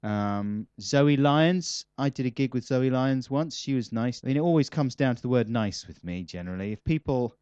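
A man's voice: medium pitch, lively intonation, moderate pace, hardly any pauses, a little mellow, clear, resonant tone, no echo. Man, comedian guest, casual interview, rambling, self-mocking, muffled dry recording.

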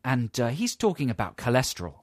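A man's voice: medium pitch, wildly swooping pitch, brisk, no room sound, clean studio sound. A British man co-hosting a radio show, bantering playfully and breaking into silly impressions. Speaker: radio co-host. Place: radio studio. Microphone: studio microphone.

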